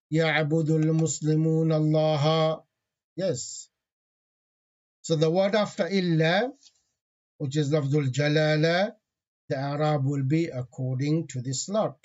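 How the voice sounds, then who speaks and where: A man's voice: on the high side, muffled recording. A man teaching an Arabic grammar class online, asking the students questions and reading out parsing terms.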